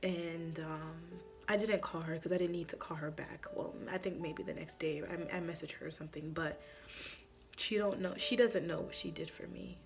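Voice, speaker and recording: A woman's voice: deep voice, steady tone, normal speed, vocal fry, faint music behind. A woman telling a heartfelt personal testimony in a conversational way, tearful at times, using many fillers. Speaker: church member sharing a personal testimony. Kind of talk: emotional personal testimony vlog.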